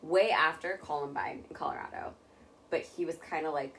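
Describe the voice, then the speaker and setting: A woman's voice: deep voice, brisk, fairly bright tone, a little hiss or hum. A young woman in her twenties, co-hosting a podcast, telling a true crime story in loose, laughing casual chat with plenty of swearing.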